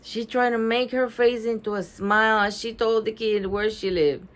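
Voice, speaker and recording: A woman reading a children's chapter book aloud, expressive and prone to giggly asides. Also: a little high, normal speed. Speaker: storybook reader.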